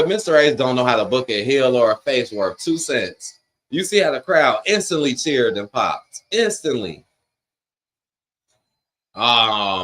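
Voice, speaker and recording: A man's voice: mid-range voice, sing-song, measured pace, fairly bright tone. Blunt, slangy man hosting a live stream. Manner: slangy, blunt and opinionated, talks straight to chat. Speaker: host of a live wrestling watch-along stream. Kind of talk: casual live-stream chat, reacting to a broadcast and reading viewer comments.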